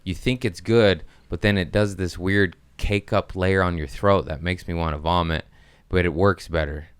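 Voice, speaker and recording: A man with a deep, smooth, resonant voice hosts a comedy podcast, talking in a loose, rambling rant full of crude jokes. He punches certain lines with sudden bursts of loudness. The sound is dry and close. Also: steady tone, moderate pace, dry recording.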